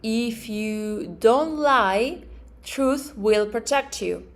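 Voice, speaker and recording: Speaking very slowly in a slightly high voice, a woman teaches a group about positive attitudes in person. As a metaphysics teacher giving a spiritual talk, she earnestly acts out affirmations and daily reactions, frequently repeating words and starting phrases over.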